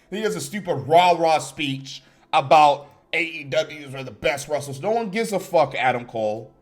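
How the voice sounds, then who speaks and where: A man's voice: fairly high pitch, moderate pace. A young man reviewing a wrestling show in a heated, profane rant, laughing and swearing.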